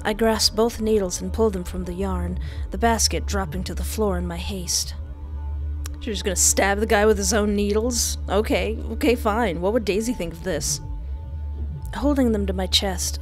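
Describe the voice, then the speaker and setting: A woman's voice: medium pitch, moderate pace, soft background music. Emotional woman reading a game story aloud. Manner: dramatic reading broken by excited, tearful reactions. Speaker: gamer reading a visual novel aloud. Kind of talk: narrating and reacting to a story game.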